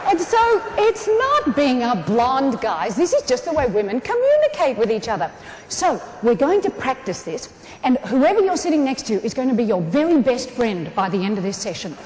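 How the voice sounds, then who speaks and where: An Australian woman giving a humorous, animated keynote speech on a conference stage, talking straight to the audience. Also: high voice, normal speed. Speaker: keynote speaker. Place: large conference hall. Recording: echoey conference hall, some room noise.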